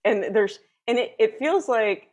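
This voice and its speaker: A woman's voice: fairly high pitch, lively intonation, measured pace. A woman co-hosting a podcast chat, telling stories and teasing her co-host with crude jokes. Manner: joking, teasing, crude asides. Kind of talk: casual chat.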